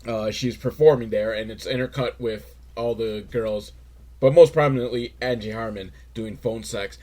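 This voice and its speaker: A man's voice: on the low side, fairly even intonation, normal speed, a little mellow. A man hosting a comedic recap of a TV episode, talking in a wry, rambling way with lots of filler words. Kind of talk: casual comedic commentary.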